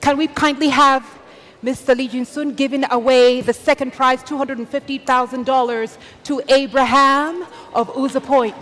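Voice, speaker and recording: A woman emceeing a live awards ceremony on stage, hyping the crowd with energetic, shouted announcements. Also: high-pitched, moderate pace. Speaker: event emcee. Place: stage of a large live event.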